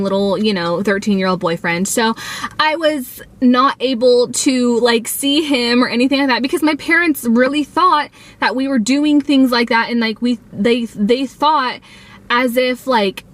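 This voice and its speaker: Chatty young woman, higher voice. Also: a bit bright. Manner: chatty, acts out quoted dialogue, many fillers. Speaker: vlogger. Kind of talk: casual storytime.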